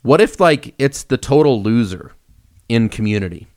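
Animated young man telling stories. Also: medium pitch, moderate pace. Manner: animated storyteller, acts out quoted voices. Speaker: podcast co-host. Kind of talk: casual podcast chat.

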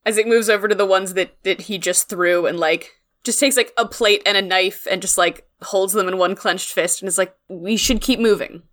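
A young woman playing in a tabletop game, talking casually and thinking out loud as she describes her character's moves. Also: medium pitch, normal speed, hardly any pauses. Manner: relaxed, thinking aloud with fillers. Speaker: player.

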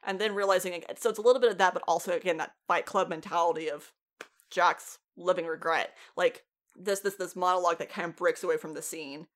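A woman co-hosting a podcast, recapping a TV show in casual, animated chat, swearing freely and laughing often. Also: fairly low pitch, fast. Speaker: podcast co-host.

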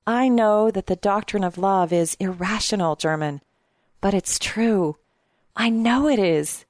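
Narrator voicing a quiet, determined young woman, close dry read, natural pitch. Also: measured pace, dry recording, close to an everyday voice. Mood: firm. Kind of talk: audiobook character reading.

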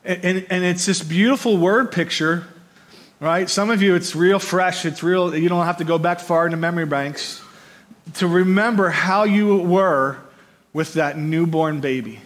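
A man preaching a conversational sermon, animated and often checking in with his listeners by asking "right?", repeating words as he builds his points. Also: high voice, moderate pace. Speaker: pastor.

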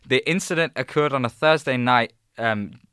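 A man's voice: mid-range voice, normal speed, fairly bright tone, clear, resonant tone, no echo. A man co-hosting a podcast, telling stories in a laid-back, chuckling way on a close mic. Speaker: podcast co-host. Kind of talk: casual chat, reading out stories.

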